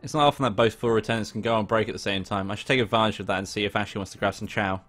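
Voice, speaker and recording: A man's voice: fairly low pitch, steady tone, racing, fairly bright tone. Casual young man reading a game aloud. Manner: casual, swears, laughs at himself. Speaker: let's play host. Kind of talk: reading a visual novel aloud with commentary. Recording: faint background music.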